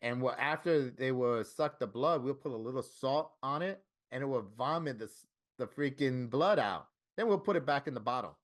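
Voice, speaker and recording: A man's voice: medium pitch, lively intonation, moderate pace, natural voice. A man quoting an offhand older man. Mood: matter-of-fact. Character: older man recalling old-time tricks.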